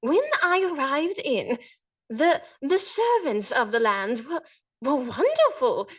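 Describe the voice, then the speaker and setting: Woman doing a mock-regal British lady, put-on accent, highish voice, slightly distant mic. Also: big pitch swings, slow pace, exaggerated voice. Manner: grand, mock-regal storytelling. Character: posh British noblewoman reviewing a restaurant.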